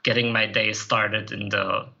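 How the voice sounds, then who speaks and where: A man's voice: lowish voice, little pitch movement, measured pace, creaky, bright, forceful tone, dull audio. A man speaking as a podcast guest, a self-improvement writer and coach, answering earnestly and reflectively with the odd light laugh. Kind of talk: conversational interview answers.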